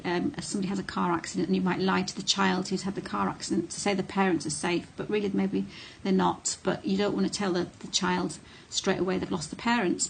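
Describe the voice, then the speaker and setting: Woman, middle-aged, mid-pitched, candid talk to camera, faint background hiss. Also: creaky. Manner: blunt and candid, with many ums and restarts. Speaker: vlogger on narcissistic abuse.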